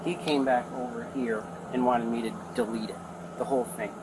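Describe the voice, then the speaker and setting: A man's voice: medium pitch, fairly even intonation, fairly quick. A young man, a neighbor, rambling through a retelling of events to police outdoors and acting out what others said. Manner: rambling, acts out quoted talk. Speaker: neighbor giving a statement. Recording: noisy outdoor body camera audio.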